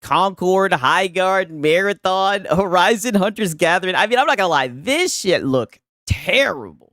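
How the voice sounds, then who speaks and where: A man's voice: high voice, moderate pace, no room sound, studio quality. A man streaming casual, profane gaming commentary who keeps asking "right?" between his points. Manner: profane and animated, constantly adds "right?". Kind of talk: casual ranting live stream.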